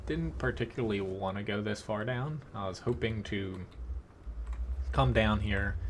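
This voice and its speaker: Low-voiced man commentating live gameplay. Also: slight background noise. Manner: casual, thinking aloud with fillers and chuckles. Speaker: game streamer.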